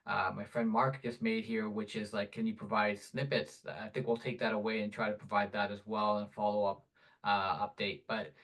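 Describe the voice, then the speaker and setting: A man hosting a casual live Q&A over a video call, relaxed and chatty, laughing often. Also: fairly low pitch, moderate pace. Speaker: webinar host, product support.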